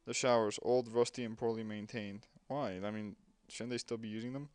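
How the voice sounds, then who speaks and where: A man's voice: lowish voice, steady tone, normal speed, darkish tone, clear, resonant tone, dry recording. A young man casually commenting while playing a game, chatty and rambling with lots of fillers. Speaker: gameplay commentator.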